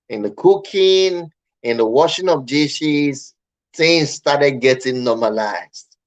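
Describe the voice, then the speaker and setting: A man's voice: medium pitch, fairly bright tone, rough recording. A man vlogging marriage advice in casual personal storytelling, earnest and reflective, talking straight to the viewer.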